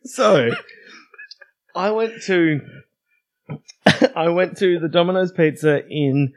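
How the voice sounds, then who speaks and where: A man's voice: a little high, animated, slow pace. An Australian man in his thirties, co-hosting a casual chat and telling wry, self-deprecating stories. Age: 30s. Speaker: podcast co-host.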